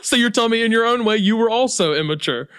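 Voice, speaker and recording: A man's voice: very high voice, lively intonation, fast, a bit bright, clean tone. A young man co-hosting a comedy podcast, teasing and laughing, with frequent swearing. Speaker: podcast co-host. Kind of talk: casual comedy chat.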